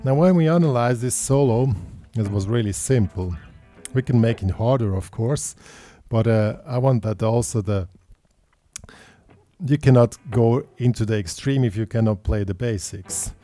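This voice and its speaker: A man's voice: mid-range voice, normal speed, mellow. A man giving a guitar lesson, patiently explaining step by step in simple phrasing. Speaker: guitar teacher. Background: guitar playing and backing track.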